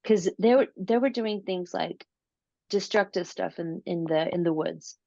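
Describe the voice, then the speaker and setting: Woman interview guest, low voice, animated storyteller, dry muffled recording. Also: a little slow, creaky, no echo. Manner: animated, repeats words, acts out her own quotes. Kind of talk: casual storytelling.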